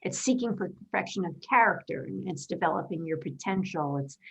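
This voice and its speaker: A woman's voice: on the low side, expressive, fairly quick, vocal fry, a bit bright, husky, low-quality recording. A woman in her fifties answering interview questions over a video call, earnest and thoughtful, explaining things at length. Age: 50s. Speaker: interview guest, designer and karate black belt.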